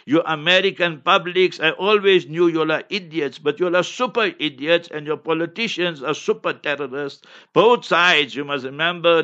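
Man, forceful tense delivery, fairly high voice, fiery religious talk, dull lo-fi sound. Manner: fiery, declamatory, keeps repeating "remember". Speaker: religious speaker.

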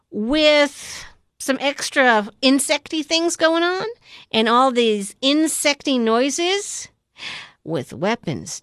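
A woman casually recapping a movie plot in an animated way, acting out scenes with sound effects and quoted voices. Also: a little high, no room sound, clean studio sound. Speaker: podcast co-host recapping a movie. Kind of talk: casual chat.

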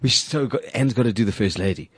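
A man's voice: mid-range voice, fast talker, slightly rough, dry recording. A man hosting a chat show, bubbly and teasing. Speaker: host. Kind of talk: radio talk show chat.

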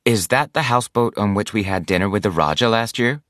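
A man voicing an earnest young male sailor in an audiobook, his tone pleading and excitable. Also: lowish voice, a little fast, dry recording, clean studio sound, lightly acted. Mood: eager. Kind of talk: audiobook character voice.

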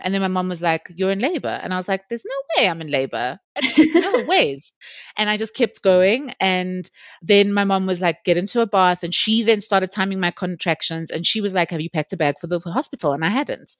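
A woman, a podcast guest telling a personal story in a lively, candid way and laughing often. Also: on the low side, brisk, no room sound. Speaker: interview guest. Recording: dull, slightly lo-fi dry recording.

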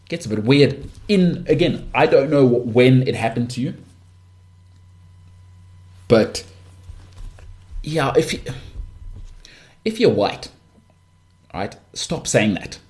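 A man's voice: mid-range voice, lively intonation, slow, pauses often, a little mellow. A man with a Johannesburg northern suburbs South African accent, hosting a podcast in a blunt, rambling, candid rant full of restarts and asides. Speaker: podcast host.

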